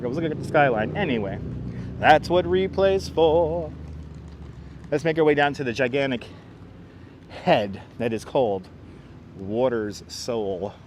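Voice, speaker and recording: Amid a noisy background at an outdoor waterfront park, a livestream host with a slightly high voice gives a live walking tour on a wireless lapel mic. He speaks at normal speed but pauses often, reading chat aloud, laughing a lot, and greeting viewers by name.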